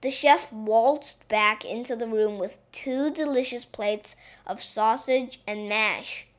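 Slow, gentle woman reading a children's story. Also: on the high side.

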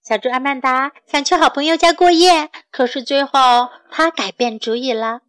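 A woman reading a bilingual children's bedtime story in a gentle, clear way, as if for young listeners. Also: sits high, normal speed, rough recording.

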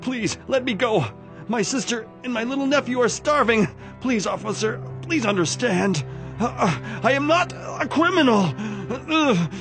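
An actor voicing a weary, humble ex-convict in a storybook, speaking in a hesitant, halting way. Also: male voice, mid-range voice, big pitch swings, music in the background. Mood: pleading. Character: weary, humble ex-convict man, middle-aged. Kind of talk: storybook voice acting.

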